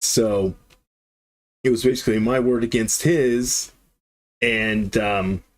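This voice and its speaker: A man in his thirties with a mid-range voice tells a long, rambling story while streaming games, taking his time. He's an animated storyteller, acting out the dialogue as he goes in this casual live-stream chat.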